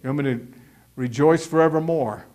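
Male pastor, middle-aged, higher voice, folksy emphatic pulpit delivery with acted asides. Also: normal speed, darkish tone. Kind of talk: sermon.

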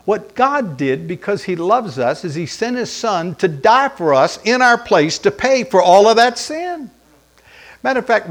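A man preaching an Easter sermon, emphatic and direct, asking rhetorical questions and pausing for effect. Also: a little high. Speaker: pastor.

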